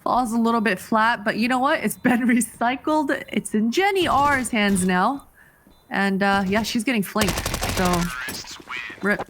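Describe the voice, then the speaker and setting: A woman's voice: on the high side, measured pace, fairly bright tone, a little hiss or hum. A woman co-casting a live esports match, breaking down the play in a chatty, analytical way and laughing easily. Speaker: esports co-caster. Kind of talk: live colour commentary.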